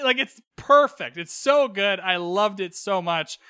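High bright-voiced man recapping candidly. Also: unhurried, clear, resonant tone, dry recording, clean studio sound. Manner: candid, animated, swears freely. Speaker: podcast host. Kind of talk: casual episode recap.

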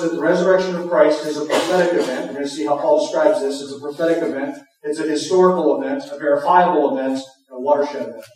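A man's voice: a little high, a little mellow, recorded from a distance. Man preaching in a very echoey hall. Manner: earnest, emphatic preaching with rhetorical questions. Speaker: pastor. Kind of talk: expository sermon. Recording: echoey hall, speaker off the mic.

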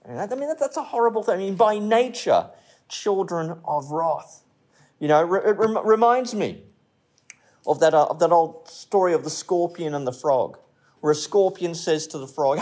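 A man's voice: a little high, expressive, moderate pace, darkish tone. A man preaching a sermon in a conversational way, repeating phrases and telling stories with light humor. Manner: conversational, repeats phrases, restarts mid-sentence; tells stories and jokes lightly.

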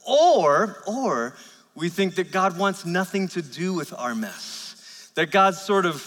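Bright high-voiced male pastor in a reverberant hall. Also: animated, unhurried. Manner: conversational storytelling with self-deprecating asides. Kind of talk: sermon. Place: church sanctuary. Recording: church hall with long reverb.

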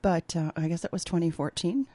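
A woman's voice: fairly low pitch, brisk, dark tone, dry recording. A woman talking as a guest on a radio show, casually and animatedly, often laughing. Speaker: textile artist and opera singer guest. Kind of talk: casual radio interview chat. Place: radio studio.

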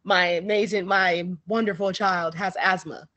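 A woman author being interviewed, telling a story in a casual, animated way and acting out the people in it. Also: mid-range voice, normal speed. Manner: animated, acts out the people in her stories.

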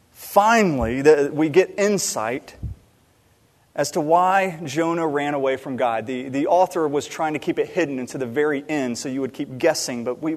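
Preaching man in a reverberant hall. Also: fairly high pitch. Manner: animated, wide swings between loud emphasis and quiet asides. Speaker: pastor. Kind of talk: sermon. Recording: long reverb in a large hall.

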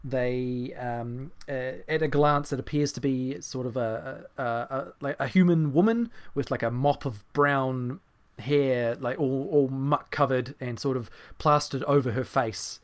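A man runs a tabletop game as its game master. His narration is halting, full of fillers and restarts as he searches for words. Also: mid-range voice. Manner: hesitant, lots of fillers.

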